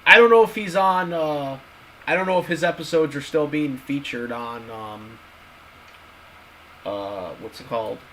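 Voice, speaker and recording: A man's voice: on the high side, a little slow, pushed and bright, slight background noise, low-quality recording. A man in casual video commentary, talking to his viewers and repeating his points emphatically. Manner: repetitive, emphatic, addresses viewers as guys. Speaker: YouTube commentator.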